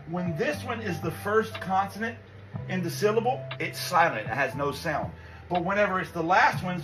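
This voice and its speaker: A man giving a quick language lesson, reassuring and encouraging as he explains. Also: high voice, poor audio. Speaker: language teacher. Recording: music playing behind.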